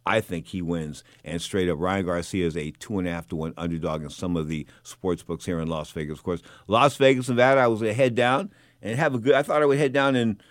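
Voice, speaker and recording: A man's voice: sits low, brisk, no echo, clean studio sound. An older man, a former boxer, talking casually and rambling through stories, repeating himself often. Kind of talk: casual monologue.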